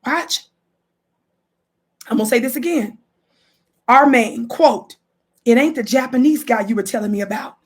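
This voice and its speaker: Reading from a book on her livestream, a woman emphatically highlights the main points, speaks straight to her viewers, and repeats important quotes. Her voice is a little high and slightly rough, at a moderate pace.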